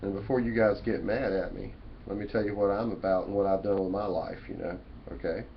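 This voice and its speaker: A man's voice: fairly low pitch, steady tone, a little fast, vocal fry. A man talking straight to his webcam in a rambling, folksy, preachy way, full of "you know" and "man". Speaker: vlogger. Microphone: webcam mic. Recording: dull lo-fi webcam audio with faint room noise.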